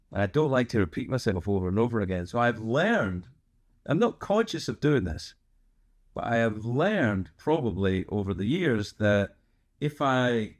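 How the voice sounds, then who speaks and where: A man from Scotland with a Scottish accent softened toward American, hosting a podcast in a casual, rambling, animated monologue full of asides. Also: on the low side. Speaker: podcast host.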